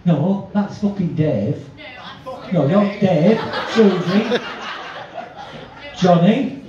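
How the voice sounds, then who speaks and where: A man running a live hypnosis show, his voice a touch high yet dark in tone. He coaxes people with long, drawn-out commands and ribs them with foul-mouthed banter. The recording is muffled and picked up from a distance in a very reverberant space. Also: lively intonation, a crowd in the background. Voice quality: profane, teasing banter. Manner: drawn-out soothing commands between brash jokes. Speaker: stage hypnotist. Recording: dull, echoey live recording from afar.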